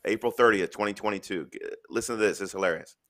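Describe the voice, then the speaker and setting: He speaks fast in a lowish, fairly bright voice while hosting a live stream. Blunt and profane, he delivers an opinionated rant before moving on to jokes and reading out a news article.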